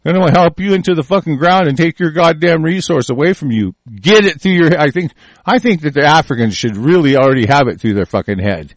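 A man's voice: fairly high pitch, expressive, brisk, no echo. A man delivering a heated, profane political rant, stumbling over his words.

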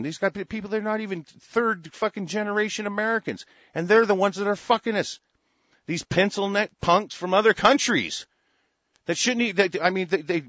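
A man's voice: a little high, a bit bright, no echo, dull audio. A middle-aged man ranting angrily about politics, swearing constantly and stumbling over restarts. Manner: angry, profane, stammering restarts. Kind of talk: profane political rant.

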